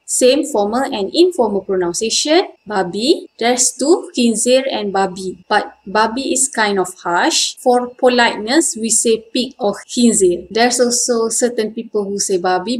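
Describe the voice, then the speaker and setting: Woman, Malaysian accent, language teacher, slightly high voice, slow careful repetition. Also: a little hiss or hum. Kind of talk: vocabulary lesson with repeated words.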